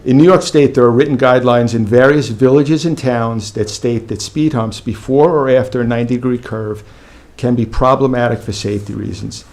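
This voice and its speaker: Gravelly man reading a public comment. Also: mid-range voice, steady tone, brisk, few pauses, a little mellow. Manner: reads prepared statement, firm and factual. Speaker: resident speaking at public comment. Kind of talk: public comment at a village board meeting.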